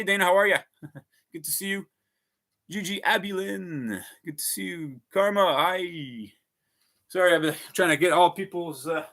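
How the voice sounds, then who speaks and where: On a casual livestream, a male vlogger launches into a heated, profane rant that keeps circling back on itself. His voice is a little high and a bit bright.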